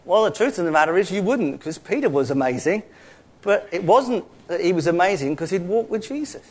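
A man's voice: high voice, expressive, fairly quick. A middle-aged man with a London accent giving a chatty, conversational sermon full of asides and rhetorical questions. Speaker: preacher.

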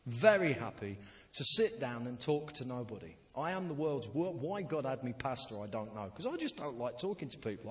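A man's voice: on the high side, breathy edge. A man, a pastor, preaching a sermon in an anecdotal, self-deprecating storytelling manner. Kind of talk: sermon with personal stories.

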